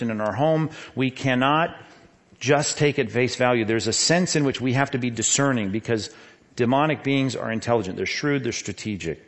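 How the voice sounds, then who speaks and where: A middle-aged man preaching a sermon as pastor, animated, with frequent rhetorical questions. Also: mid-range voice.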